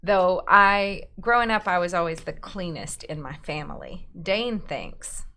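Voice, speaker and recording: A woman's voice: on the low side, animated, unhurried, bright, forceful tone. A woman co-hosting her husband's live card break, chatting casually and laughing often. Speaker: co-host, host's wife. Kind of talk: casual chat on a live stream.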